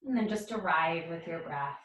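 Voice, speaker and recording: A woman leading a yoga class, calling out poses and breaths in calm, encouraging cues. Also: lowish voice, moderate pace, distant mic. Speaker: yoga instructor. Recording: roomy echo, speaker away from mic.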